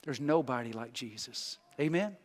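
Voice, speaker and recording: A male guest preacher giving a revival sermon, folksy and joking, swinging from loud exhortation to hushed intensity. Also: medium pitch, expressive, normal speed.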